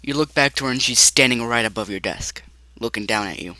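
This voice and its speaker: Man, game master, improvised horror story narration, halting restarts. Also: medium pitch, sharp tone, poor audio.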